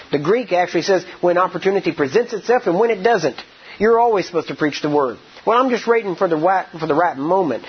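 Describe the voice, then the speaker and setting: A man preaching with a high, husky voice, pressing each point and driving it home again. The sound is dull and lo-fi, like an old sermon tape. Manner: emphatic, repeats points, asks the congregation "Amen?".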